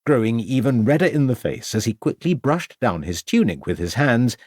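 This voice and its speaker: A man narrating a crime novel as an audiobook, in a measured storytelling manner. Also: mid-range voice, lively intonation, darkish tone, dry recording, studio quality. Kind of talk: scripted narration.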